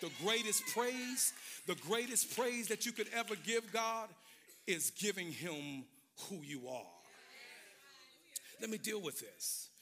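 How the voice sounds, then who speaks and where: A man preaches from a church stage, his voice sitting high for a man and very bright. He swings from chanted, shouted runs to easy, joking asides with his congregation. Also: slight background noise. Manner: preaching with rising, sung shouted cadences; conversational and playful with the congregation. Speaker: pastor. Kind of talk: sermon. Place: church sanctuary.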